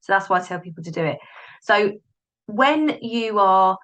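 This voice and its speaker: A woman's voice: medium pitch, expressive, moderate pace, a bit bright, muffled recording. A woman hosting a solo podcast, talking in a chatty, self-interrupting way and acting out inner voices, recorded on a device's built-in mic. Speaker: podcast host, business coach. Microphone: device's built-in mic, not the plugged-in one.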